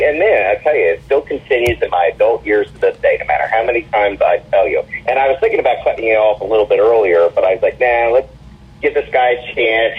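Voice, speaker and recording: A man boasts in a pompous, theatrical wrestling-manager manner, talking down to his host. His voice is low and very husky. It comes through a thin, tinny phone line. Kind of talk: boastful in-character wrestling promo.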